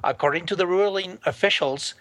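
A man reading news items on a comedy podcast in a steady, matter-of-fact way. His voice is bright and a little high. The recording is dry and close. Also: a little fast, no echo.

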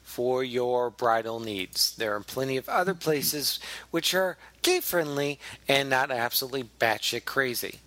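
A man's voice: mid-range voice, animated, measured pace, few pauses, sharp tone, no room sound. A man hosting a casual comedy podcast, joking and laughing often and stammering as he starts sentences. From US Midwest. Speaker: podcast host.

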